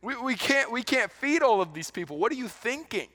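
A flustered male disciple, high-pitched and anxious, rattling off reasons why the task can't be done, as a preacher acts him out. He pleads in a hurried, exasperated way. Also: close to an everyday voice. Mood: anxious pleading. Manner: exasperated, pleading, talks fast.

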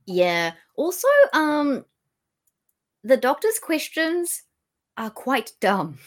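A woman co-hosting a podcast, chatting about a classic comedy in an animated, blunt way with casual swearing. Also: high voice, drawn-out words. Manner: animated, swearing, mock-exasperated. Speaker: podcast co-host. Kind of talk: casual discussion of a classic play.

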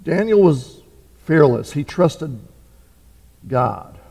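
A man's voice: fairly high pitch, sing-song, drawn-out words, gravelly, mellow. Man preaching in a reverberant hall. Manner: informal, frequent fillers and restarts, rhetorical questions. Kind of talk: conversational sermon.

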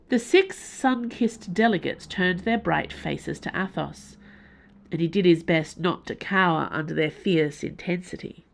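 A woman narrating a science fiction audiobook with expressive, varied delivery. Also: on the low side, measured pace, gravelly.

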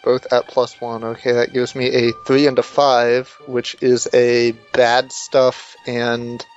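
A man playing a tabletop role-playing game, explaining his turn in a deliberate, amused way. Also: medium pitch, monotone, dull audio, soft background music. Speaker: player. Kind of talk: tabletop role-play chat.

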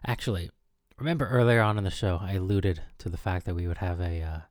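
Deadpan man as mock radio DJ. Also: low voice, fast talker, no room sound, studio quality. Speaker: host. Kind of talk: comedic mock radio DJ patter.

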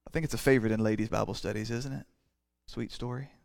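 A man preaching a sermon in earnest, swelling loud on key phrases and dropping to quiet asides. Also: mid-range voice, fairly even intonation, fast talker, vocal fry, no echo, clean studio sound. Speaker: pastor.

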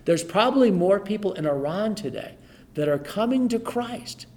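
A man's voice: high voice, expressive, moderate pace, a little mellow. A middle-aged man leading an informal Bible study, reading scripture aloud and explaining it in a conversational way, often repeating his phrases. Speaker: pastor teaching a Bible study.

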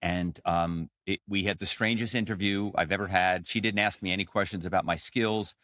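A middle-aged man, a guest on an interview show, telling his story in an animated, conversational way with many fillers. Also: deep voice, moderate pace, dry recording, clean studio sound. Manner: animated storyteller, frequent "um" and "you know". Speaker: podcast guest, author and former corporate spy.

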